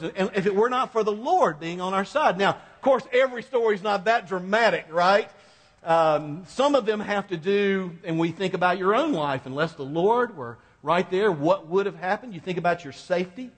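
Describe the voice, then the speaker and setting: A man, a pastor, preaching a sermon and telling a personal story in a conversational, animated way. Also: sits high, big-room sound. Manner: conversational, animated retelling with laughs.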